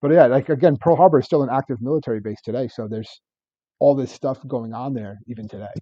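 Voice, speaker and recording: A man's voice: mid-range voice, quick pace, husky, dry recording, dull audio. A man in his thirties co-hosting a casual history podcast, rambling and laughing as he talks. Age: 30s. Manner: rambling, laughs often, stacks fillers. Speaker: podcast co-host.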